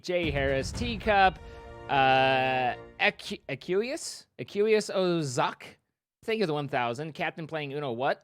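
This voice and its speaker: A man's voice: on the high side, a bit bright, clean tone, no room sound, studio quality. A man streaming live, casually thanking viewers by name and making playful joking asides. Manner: reads out donor names, playful joking asides.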